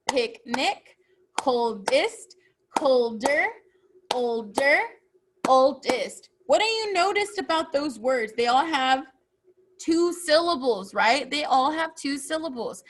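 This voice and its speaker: A woman's voice: high voice, animated, unhurried, noisy background. A woman teaching a children's phonics lesson, patiently asking questions and answering them herself.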